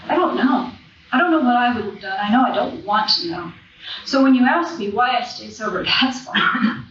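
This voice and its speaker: A woman's voice: mid-range voice, a bit bright, a little hiss or hum. A woman giving a raw, profane personal recovery testimony from a podium at a convention, with emotional swells in her voice. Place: large convention hall. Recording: echoey, distant, dull hall recording.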